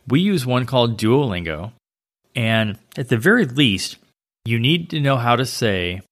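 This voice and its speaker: A man co-hosting a travel podcast as a travel agent, chatting casually with lively storytelling. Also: mid-range voice. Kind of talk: casual chat.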